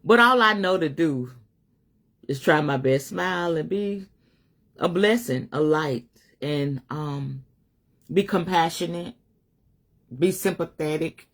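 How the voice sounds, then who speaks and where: This spiritual life coach talks slowly on her livestream, pausing often, in a low voice that is a bit bright. Her emotional, casual monologue is heartfelt and unscripted, shifting between weariness and laughter, with free swearing.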